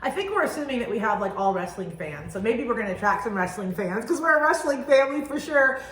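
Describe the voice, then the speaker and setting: A woman in her thirties co-hosting a family podcast, telling stories in a chatty, animated way. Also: fairly high pitch, fast talker, roomy sound, rough recording. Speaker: podcast co-host. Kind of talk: casual chat.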